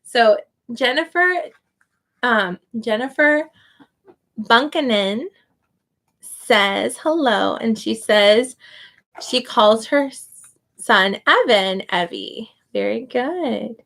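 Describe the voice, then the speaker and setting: A woman's voice: on the high side, animated, vocal fry, a bit bright. A young woman, an online English teacher, casually explaining how to pronounce names and sounding them out carefully. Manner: slow, careful, drawn-out name pronunciation. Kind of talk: casual live teaching chat.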